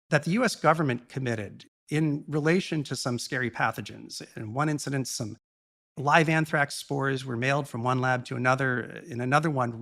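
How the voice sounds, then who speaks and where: A man with a gravelly, creaky edge to his voice talks through a long explanation as a podcast guest. His delivery is measured and earnest, at an ordinary pitch for a man. Every so often he drops in a blunt, frank aside. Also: fairly bright tone. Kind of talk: explanatory monologue in conversation.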